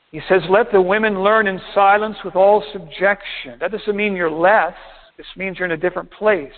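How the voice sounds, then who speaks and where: A man preaching a sermon as pastor, reading verses and explaining them steadily, slowing down to stress key points. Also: sits high. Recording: tinny phone-like sound.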